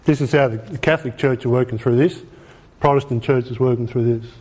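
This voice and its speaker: A man's voice: medium pitch, steady tone, fairly quick, a little mellow, slightly rough. A man with an Australian accent giving an informal presentation, emphatic, repeating his points and asking rhetorical questions. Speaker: speaker.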